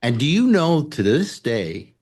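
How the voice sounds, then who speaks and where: A man's voice: medium pitch, very animated, unhurried, a little mellow. A man hosting a talk show, telling jokes and rambling stories in casual chat. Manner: rambling storyteller, breaks into sung and acted voices. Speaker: radio talk show host.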